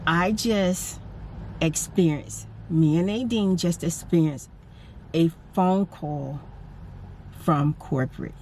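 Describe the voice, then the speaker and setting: A woman's voice: on the low side, slow, mellow, slight background noise, low-quality recording. A woman vlogger venting from her parked car, upset and emphatic. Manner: upset, emphatic, repeats herself. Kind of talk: casual vlog rant.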